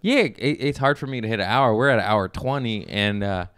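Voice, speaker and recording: A man's voice: fairly low pitch, moderate pace, fairly bright tone, clean tone, no echo, studio quality. A man hosting a casual comedy podcast, teasing his guest crudely and swearing freely. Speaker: podcast host.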